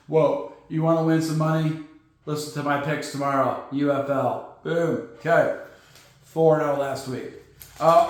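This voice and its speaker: A man hosting a sports podcast, talking casually in an animated, sarcastic, joking way. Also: on the high side. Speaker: podcast host. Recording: very echoey room.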